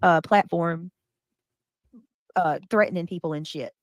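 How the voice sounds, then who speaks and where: A woman host talks in a loose, slangy and profane way, with a lowish voice. She sounds close and dry, with no room around her. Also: unhurried, dry recording. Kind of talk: casual commentary chat.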